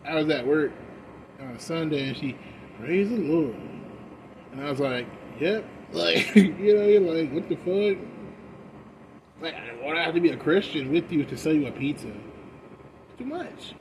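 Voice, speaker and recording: A young man ranting casually while high, profane and rambling, with loud bursts that drop to mumbling. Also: brisk, a little hiss or hum. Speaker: vlogger. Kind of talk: casual rant.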